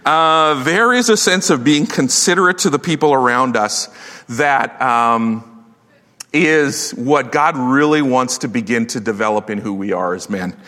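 Bright-voiced joking male preacher in a hall. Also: mid-range voice, unhurried. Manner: lively, joking, conversational preaching. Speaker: pastor. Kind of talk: sermon. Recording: long hall reverb.

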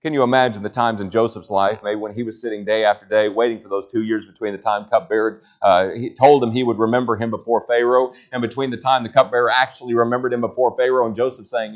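A man's voice: little pitch movement, fast talker, hardly any pauses. Emphatic male preacher, dull recording. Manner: emphatic, rising to loud peaks then dropping low. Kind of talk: sermon. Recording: slightly dull lo-fi sound.

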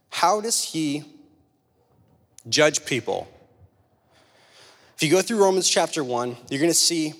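A young man preaches in a church hall, his talk casual and storytelling but pressing the same point again and again. His voice sits a bit high, and a long reverb trails each phrase. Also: fairly bright tone. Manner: conversational storytelling, emphatic repeated points. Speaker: pastor. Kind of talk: sermon.

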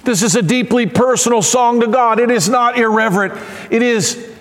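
A middle-aged man preaching a sermon as pastor, animated and acting out voices and cries. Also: very high voice, normal speed. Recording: long hall reverb.

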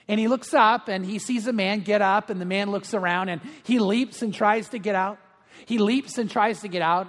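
A man's voice: high voice, brisk, a bit bright, big-room sound. A middle-aged male pastor giving a sermon, telling stories in a chatty way with many fillers. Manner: anecdotal storytelling with frequent fillers.

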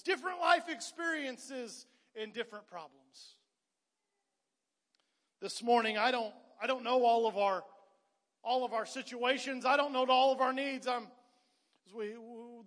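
High, bright-voiced impassioned preacher man. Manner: impassioned, repetitive cadence, often shouting. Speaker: pastor. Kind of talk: sermon. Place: church sanctuary. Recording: long hall reverb with music behind. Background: worship band playing.

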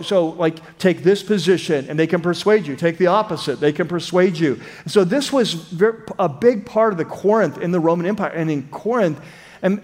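A man's voice: high-pitched, in a large hall. A male pastor giving an expository sermon in a casual, conversational way, full of fillers and restarts.

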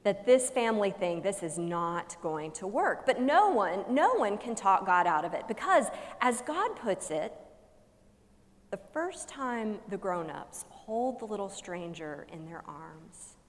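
A woman's voice: medium pitch, big pitch swings. Woman preacher in a reverberant hall. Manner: humorous storytelling with dramatic pauses; swings between loud emphasis and soft hushed lines. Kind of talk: sermon. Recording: long reverb of a large hall.

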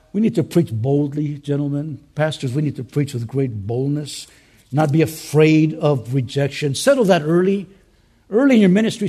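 A male pastor preaching a conference sermon to fellow pastors, swinging between loud urging and soft earnest asides, with joking conversational remarks. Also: fairly high pitch, breathy edge.

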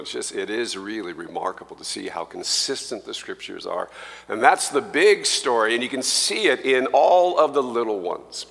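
A man preaching a sermon as pastor, slow and emphatic, rising in force when he quotes scripture. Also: fairly low pitch, gravelly, fairly bright tone. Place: church sanctuary. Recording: long church reverb.

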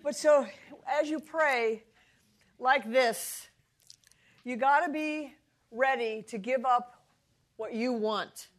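A woman's voice: sits high, takes it slowly, pauses often. A middle-aged woman giving a humorous devotional talk, playful and self-mocking, laughing often. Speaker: Bible teacher.

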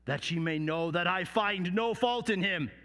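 Brief: male actor as pleading biblical governor, slow archaic declaiming. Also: high voice, a bit bright, in a large hall. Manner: slow, raised, declaiming in old biblical wording. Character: Roman governor Pilate, anxious and pleading.

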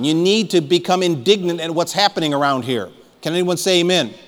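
A man preaching a fiery sermon as pastor, rising to shouts and calling for amens. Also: fairly high pitch, big pitch swings, a little fast, few pauses. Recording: long hall reverb.

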